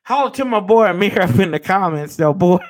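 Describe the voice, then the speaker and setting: A man's voice: high-pitched, lively intonation, a little fast. A man hosting a sports fan show, ranting with fired-up, profane energy and talking to viewers as y'all. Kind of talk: live-stream rant.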